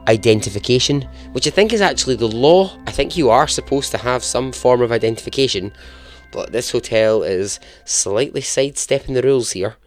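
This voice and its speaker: A man hosting a podcast, telling a true story in a chatty, self-deprecating way and chuckling at his own jokes. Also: mid-range voice. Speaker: podcast host. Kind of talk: casual storytelling narration.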